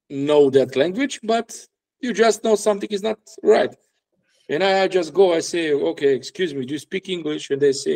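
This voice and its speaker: Macedonian-accented man telling lively stories. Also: mid-range voice, rough recording. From North Macedonia. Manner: lively storyteller in broken English, acts out quoted people. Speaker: guest musician. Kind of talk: casual storytelling interview.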